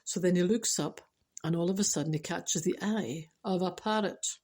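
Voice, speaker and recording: A woman's voice: lowish voice, normal speed, darkish tone, breathy edge. Chatty Scottish woman telling jokes. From Scotland. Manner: chatty, dry wit, restarts and laughs at herself. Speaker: storyteller and speaker. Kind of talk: casual joke telling.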